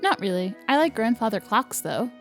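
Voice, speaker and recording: A woman's voice: a little high, big pitch swings, normal speed, faint music behind. A woman reading a visual novel aloud for a let's play, narrating evenly in first person. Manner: reads narration evenly, laughs between lines. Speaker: let's player.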